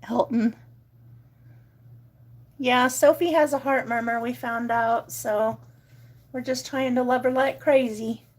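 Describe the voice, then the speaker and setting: A woman's voice: fairly even intonation, measured pace. A woman, chatting casually to her viewers in a vlog. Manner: chatty, talks to dog in high baby voice. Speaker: vlogger.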